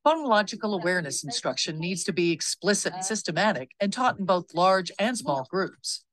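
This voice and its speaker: A woman giving scripted, calm narration for an educational video. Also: fairly low pitch, a little fast, no room sound.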